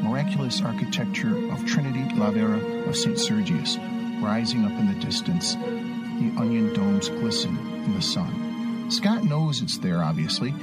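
A man narrating a radio drama, describing the scene and speaking directly to the listener. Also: lowish voice. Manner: descriptive storyteller, addresses the listener.

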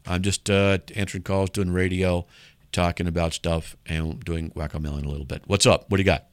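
A man's voice: deep voice, brisk, no echo. A man hosting a call-in radio show, talking emphatically and acting out mock back-and-forth dialogues to make his point. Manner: animated, emphatic, argues by playing out mock dialogues. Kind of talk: call-in radio apologetics talk.

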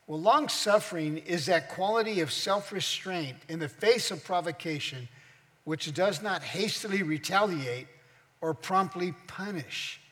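A middle-aged male pastor preaching a sermon in a church hall, his fairly high voice trailing off in a long reverb. He teaches as he goes and keeps turning questions back to the congregation. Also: fairly bright tone.

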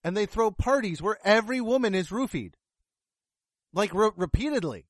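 A man with a high voice reviews a film in casual conversation. He talks bluntly and sarcastically, with plenty of swearing. The sound is dry and close. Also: expressive, moderate pace, no room sound. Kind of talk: casual movie review chat.

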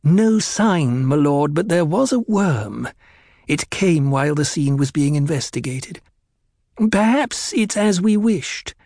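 A man's voice: a little high, expressive, slow pace, darkish tone, no room sound, clean studio sound, pitched above the performer's own voice, full character voice. A man voicing a silky, nervous male advisor who answers his master deferentially and hesitantly.

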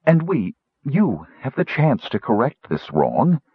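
A man's voice: mid-range voice, huge pitch swings, slow, husky, dry recording, narrow, tinny audio, voice pushed up, full character voice. A man playing a fiery woman warrior. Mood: persuasive. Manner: forceful, persuasive.

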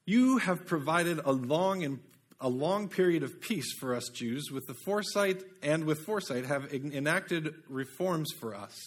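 A man putting on a smooth British lawyer. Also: a little high, expressive, moderate pace. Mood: flattering. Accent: British, put on. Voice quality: formal, ingratiating. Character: flattering male lawyer making accusations.

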